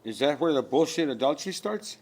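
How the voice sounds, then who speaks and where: A man's voice: fairly high pitch, lively intonation, brisk, darkish tone, husky. Man ranting with rhetorical questions. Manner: profane, rhetorical questions, preachy rant. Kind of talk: rambling spiritual monologue.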